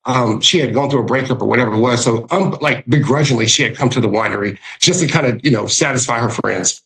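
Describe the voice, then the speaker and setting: A man with a Southern US accent telling lively stories about hosting guests, often acting out what people said. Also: mid-range voice, fast talker, low-quality recording. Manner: animated, acts out voices in his stories. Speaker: guest, winery hospitality director. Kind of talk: storytelling in casual podcast chat.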